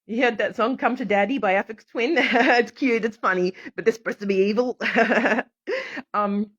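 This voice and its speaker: A woman, talking casually on a livestream in a rambling, animated way and laughing often. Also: on the high side, moderate pace. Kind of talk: casual live stream monologue. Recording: dull lo-fi audio.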